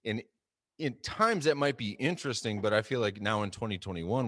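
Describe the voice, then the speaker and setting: A man's voice: low-pitched, fairly bright tone, no room sound, clean studio sound. A man in his forties, co-hosting a casual discussion in a thoughtful, rambling way.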